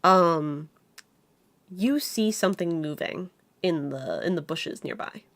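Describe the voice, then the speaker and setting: A woman narrating a tabletop game as game master, halting with many fillers and restarts. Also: lowish voice, animated, fairly bright tone, dry recording.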